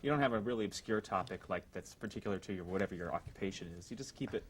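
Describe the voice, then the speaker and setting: A man with a lowish voice talks on a panel show. He explains things quickly, sentences tumbling out one after another. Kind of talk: casual panel chat.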